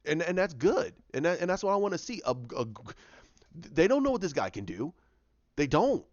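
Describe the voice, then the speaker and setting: Animated man sharing TV opinions. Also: a little high, moderate pace, dry recording, muffled recording. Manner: animated, opinionated, repeats words often. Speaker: TV show reviewer. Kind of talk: casual opinion vlog.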